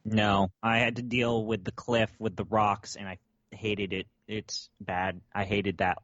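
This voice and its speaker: Bright-toned blunt man, slightly dull audio. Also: lowish voice, little pitch movement, unhurried, no room sound. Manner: blunt, exasperated, swears casually. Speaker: podcast co-host. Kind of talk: casual chat.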